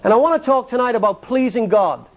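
Guy preaching a sermon, pretty high voice, lots of stories and "why?" questions, sounds kinda muffled. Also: expressive, fast. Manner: storytelling, rhetorical questions. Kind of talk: evangelistic sermon. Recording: dull lo-fi sermon recording.

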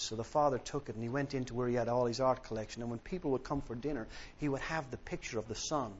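Male preacher, emphatic sermon, repeated phrases, mid-pitched voice, slightly dull recording, faint noise. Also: quick pace. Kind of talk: sermon with an illustrative story.

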